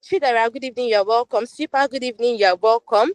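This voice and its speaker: A woman's voice: fairly high pitch, fast, no room sound. Upbeat woman hosting a live class. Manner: upbeat, repeats phrases, many fillers. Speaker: online class tutor. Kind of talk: live-stream class chat, reading viewer comments.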